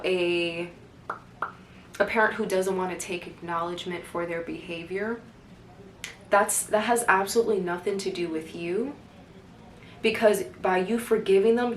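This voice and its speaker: A woman talking directly to viewers, giving earnest faith-based advice on healing, with lively asides. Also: medium pitch, echoey room, a little hiss or hum. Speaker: life advice vlogger. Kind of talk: casual faith-based self-help talk.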